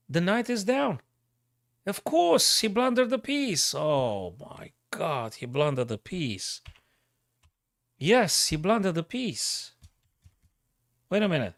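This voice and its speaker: Excitable man calling chess moves live. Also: fairly high pitch, no room sound, studio quality. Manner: thinking aloud, excitable, repeats himself. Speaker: chess streamer.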